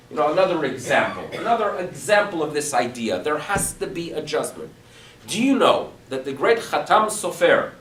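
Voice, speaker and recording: A rabbi teaching a congregation in a raised, lively voice that rises and falls a great deal. He keeps asking his listeners rhetorical questions. He sounds echoey and somewhat far from the mic. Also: a little high, a little hiss or hum. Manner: animated, asks rhetorical questions. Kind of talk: lecture to a congregation. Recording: echoey room, mic at a distance.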